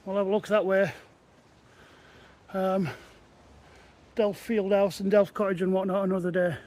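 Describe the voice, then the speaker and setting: A man's voice: high voice, level tone, normal speed, darkish tone. A man chatting to camera as he walks hilly woodland paths, rambling and easily amazed, at times a bit out of breath. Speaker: walking vlogger. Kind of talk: casual walk-and-talk narration.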